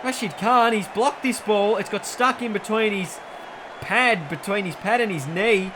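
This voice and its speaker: A man calls a cricket video game in a chatty, joking play-by-play, his voice sitting somewhat high. He stumbles over player names and laughs at his own asides. The recording carries a steady hiss of noise beneath him. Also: unhurried. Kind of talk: play-by-play commentary.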